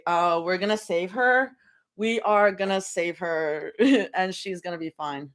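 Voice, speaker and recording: A young woman chatting casually on a livestream from her bedroom before reading fan fiction, rambling, giggling often and breaking into excited yelling. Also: medium pitch, slow pace. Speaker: fanfic livestream reader.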